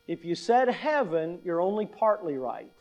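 A middle-aged pastor preaching a sermon, deliberate and emphatic, repeating key phrases and posing rhetorical questions to his listeners. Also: sits high, expressive, darkish tone, dull audio.

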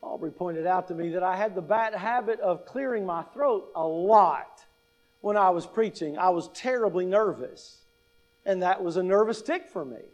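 Speaking at normal speed in an expressive voice that sits high, a fifties-aged pastor teaches about public speaking in a conversational way. He frequently asks "right?" and slips in wry humor, though the recording is muffled.

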